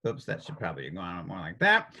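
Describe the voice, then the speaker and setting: A man's voice: sits low, huge pitch swings, fast talker, pushed and bright. A man teaching a casual step-by-step drawing lesson, talking playfully as he sketches and chuckling often.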